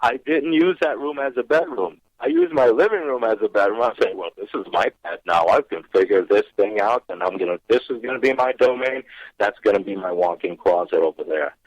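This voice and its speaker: A man calls in to a paranormal radio show to tell his own ghost story, acting out what he said along the way. His lowish voice is animated and a little fast, with no room sound, over a dull, dry phone line.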